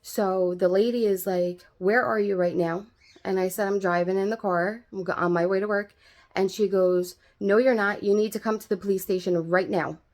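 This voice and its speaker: A woman's voice: medium pitch, steady tone, moderate pace, darkish tone. A young adult woman telling a story in a casual vlog, rambling with lots of fillers and swearing freely.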